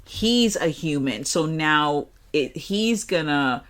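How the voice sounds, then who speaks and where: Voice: medium pitch, lively intonation, takes it slowly, fairly bright tone. A podcast co-host in casual movie talk, swearing freely, laughing often and talking with lots of "like".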